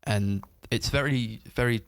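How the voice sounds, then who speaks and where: A man co-hosts a casual film review podcast, retelling scenes in a rambling way, packed with fillers and laughing as he goes. His voice is medium-pitched and a little slow, with no echo.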